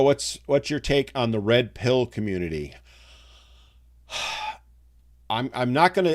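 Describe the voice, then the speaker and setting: A middle-aged man with a somewhat low voice talks casually, going off on little side stories as he answers viewer comments on a live show. His talk is loose and conversational, full of asides. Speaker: live show host reading viewer chat. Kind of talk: casual live-stream chat.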